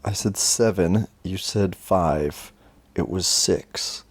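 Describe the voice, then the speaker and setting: A man co-hosting a podcast in very low tones, trading dry jokes in a relaxed chat. His voice sounds close and dry, with no room around it. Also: slow pace, husky, dry recording. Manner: dry, joking banter. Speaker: podcast co-host. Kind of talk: casual chat.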